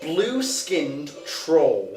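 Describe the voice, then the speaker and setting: A man's voice: a little high, wildly swooping pitch, extremely slow. A man narrating as game master in a tabletop game, with many hesitant ums and restarts, in an echoey room with music behind.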